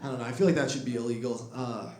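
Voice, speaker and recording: A man's voice: mid-range voice, fairly even intonation, racing, mellow, slight background noise. A young man doing a stand-up set in a comedy club, rambling and self-deprecating with lots of fillers. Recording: roomy club with crowd laughter.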